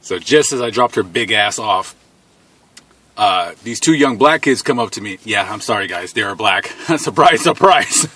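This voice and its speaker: A man's voice: on the low side, expressive, moderate pace, pushed and bright, slightly rough. A man in his thirties telling a personal story in a blunt, profane, casual way, often laughing as he goes.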